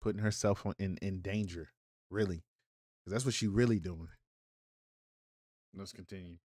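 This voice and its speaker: A man's voice: low voice, normal speed, a little mellow, no room sound. A man hosting reaction commentary on a clip, mocking and incredulous, then delivering preachy rebukes. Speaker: commentator and host.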